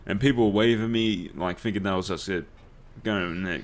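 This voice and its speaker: A man's voice: lowish voice, steady tone, moderate pace, hardly any pauses. A young man, telling swear-laden stories and laughing as he plays a game. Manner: swears freely, laughs through his stories. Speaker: let's play host. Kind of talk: casual storytelling over gameplay.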